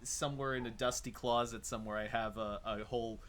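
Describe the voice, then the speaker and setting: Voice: mid-range voice, a little fast. Chill host chatting with a guest, faint hiss under the mic. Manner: relaxed, laughs along. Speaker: interviewer, host. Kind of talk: casual chat. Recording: faint background noise.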